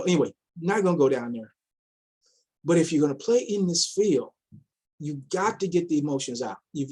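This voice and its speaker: This investment vlogger speaks in a high, husky voice with a darkish tone. His commentary is casual, packed with rhetorical questions and repetition, and he ridicules made-up investors in quoted voices.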